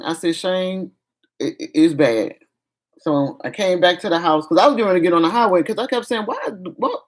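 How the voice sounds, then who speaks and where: A middle-aged woman, venting frankly in a casual vlog chat. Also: fairly low pitch. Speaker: vlogger.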